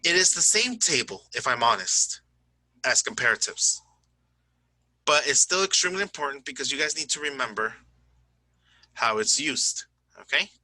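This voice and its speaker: A man teaching an English grammar lesson in a chatty, joking way. He keeps checking understanding with "right?" and "okay?" and slows down to spell out word endings. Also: mid-range voice, big pitch swings, pushed and bright, dry recording. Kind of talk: recorded online grammar lesson.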